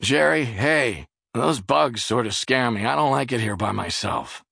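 A man's voice: sits low, animated, moderate pace, vocal fry, fairly bright tone, slightly rough, no room sound, studio quality, full character voice. A man voicing a nervous, frightened young drug user with a pleading, whiny manner.

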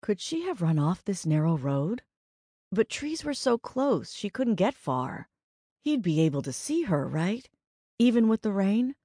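A woman narrates an audiobook from a script in a measured, even storytelling manner. Her voice is medium-pitched, and the studio-quality recording has no room sound.

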